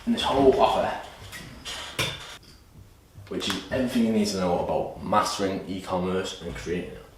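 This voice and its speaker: A man giving an energetic, salesy course pitch at a whiteboard, often repeating himself. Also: moderate pace. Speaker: course presenter. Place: room with a whiteboard. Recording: echoey room, distant mic, faint hiss.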